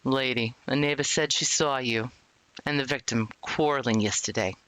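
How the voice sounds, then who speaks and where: A streamer voicing a hard-nosed male police detective in a video game, speaking low and accusing. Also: normal speed, fairly bright tone, natural voice. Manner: accusing, blunt.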